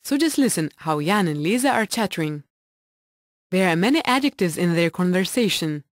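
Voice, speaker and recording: A woman's voice: lowish voice, animated, moderate pace, dry recording, clean studio sound. A woman narrating a scripted language lesson in a reassuring, explanatory way and translating the dialogue into English.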